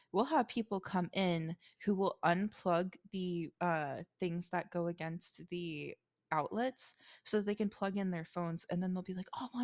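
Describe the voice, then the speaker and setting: A woman's voice: lowish voice, vocal fry, no room sound, clean studio sound. Chatty young woman podcast co-host. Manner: laughing, swearing, quick to act out customers in put-on voices. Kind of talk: casual chat.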